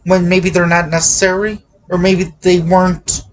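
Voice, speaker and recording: A man hosting a casual movie chat, talking haltingly with many restarts and hedges. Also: sits high, little pitch movement, slight background noise. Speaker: podcast host.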